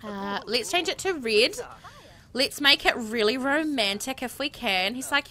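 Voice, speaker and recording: A woman's voice: a little high, normal speed, slight background noise. Bubbly, squealing woman gamer. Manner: bubbly, gushing, squeals with excitement. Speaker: gaming video creator. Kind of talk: let's-play commentary. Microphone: USB condenser microphone.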